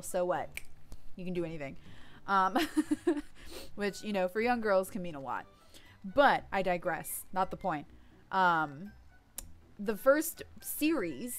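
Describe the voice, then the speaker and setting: Chatty woman rambling over a game. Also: medium pitch. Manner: chatty, rambling with many fillers. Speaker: let's play host. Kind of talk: casual gameplay commentary.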